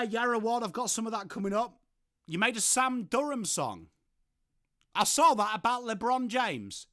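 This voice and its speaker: English male stream host, bright forceful voice, dry close sound, chatty and sweary. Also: high voice, no echo. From England. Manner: chatty, sweary, reads out and answers chat. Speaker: livestream host. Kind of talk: casual live-stream chat.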